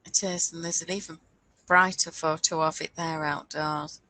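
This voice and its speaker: A woman's voice: deep voice, fairly even intonation, moderate pace, pushed and bright, dry recording, low-quality recording. A woman co-hosting a casual chat about knitting patterns, thinking aloud and stumbling over designer names. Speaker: podcast co-host.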